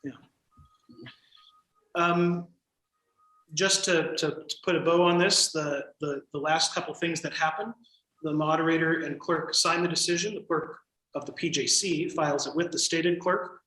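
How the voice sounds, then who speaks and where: A man leading a church training session, explaining procedure in a measured, thoughtful way with frequent pauses. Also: fairly high pitch, fairly even intonation, sharp tone, reverberant, low-quality recording.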